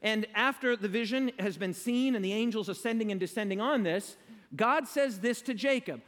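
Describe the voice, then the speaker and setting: A man's voice: high-pitched, normal speed, fairly bright tone, in a large hall. A man preaching a sermon to a live audience, emphatic and leading them in call-and-response.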